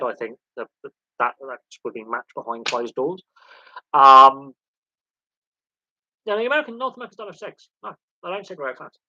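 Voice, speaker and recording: A man chats casually on a sports livestream, opinionated and quick to jump between examples. His voice is bright and forceful. The sound is close and dry, with a slightly dull, lo-fi tone. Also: mid-range voice, dry recording. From England.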